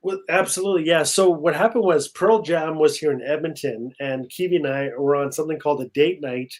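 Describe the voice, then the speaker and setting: A man's voice: fairly high pitch, a little fast. A middle-aged Canadian man, an author, telling a story in a live video conversation and often repeating himself. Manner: warm storytelling with repetitions and acted quotes. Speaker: author guest.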